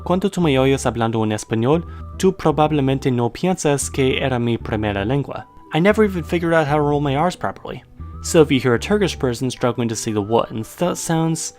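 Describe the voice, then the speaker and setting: A man with an ordinary mid-range voice narrates a scripted educational video. His delivery is chatty and upbeat, dropping casual asides to the viewer. Faint music plays quietly underneath. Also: mid-range voice. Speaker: educational YouTuber.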